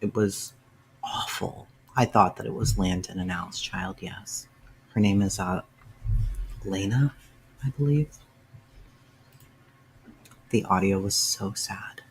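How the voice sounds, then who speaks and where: A man chats slowly and casually with his livestream viewers, his voice gravelly and a little low. He answers chat messages by name, sighing and emotional. Faint noise hums behind him. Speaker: livestream host.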